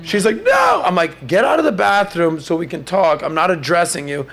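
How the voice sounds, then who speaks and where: A man in his thirties hosts a loose podcast conversation, telling stories with lots of energy. His voice sits a little high for a man, and he breaks into shrill mocking impressions when quoting others. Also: animated, brisk, fairly bright tone. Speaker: podcast host. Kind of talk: casual chat.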